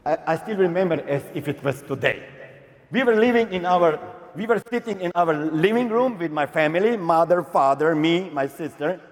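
A young man from Slovenia giving a dramatic motivational stage talk, with emphatic outbursts and long pauses. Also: fairly high pitch. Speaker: motivational speaker. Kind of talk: stage speech telling a personal story. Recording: reverberant hall.

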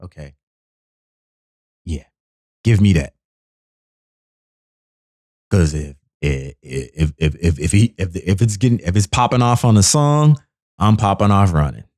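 A man's voice: measured pace, long pauses, dry recording, studio quality. A man hosting a show, riffing casually and comically, repeating phrases and acting out quotes. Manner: animated, repetitive riffs, acts out quotes in high voices. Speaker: podcast host. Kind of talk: casual comedic monologue.

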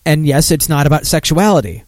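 A man's voice: a little high, expressive, a little fast, darkish tone, no room sound. Rambling man hosting a podcast. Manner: rambling, full of fillers and self-corrections. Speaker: podcast host. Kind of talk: casual podcast rant.

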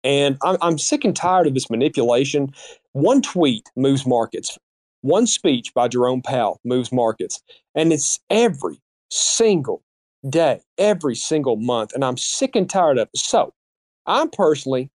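A man's voice: a little high, expressive, normal speed, a little mellow. A man in an online audio chat, speaking in an emphatic, fired-up rant that repeats its points. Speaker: guest speaker. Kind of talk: heated casual rant.

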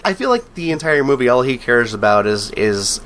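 A man in a casual movie commentary chat, musing in a relaxed, wry way. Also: mid-range voice, a little fast, a little hiss or hum.

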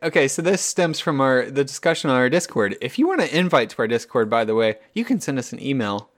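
An easygoing podcast host who moves the conversation along in casual talk. His voice sits at a middle pitch, recorded dry and close. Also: lively intonation, fast, no room sound. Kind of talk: casual chat.

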